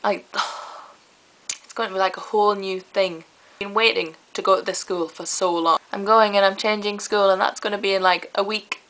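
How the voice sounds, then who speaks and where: A teenage girl, chatting to camera in a rambling, lively way. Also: medium pitch, normal speed, rough recording. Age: teens. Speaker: vlogger. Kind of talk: casual chat to camera.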